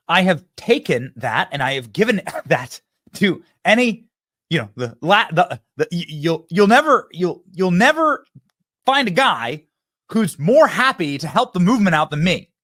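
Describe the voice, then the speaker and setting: Animated male political show host. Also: fairly high pitch. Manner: animated, repeats phrases, acts out debate lines. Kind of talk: energetic political monologue.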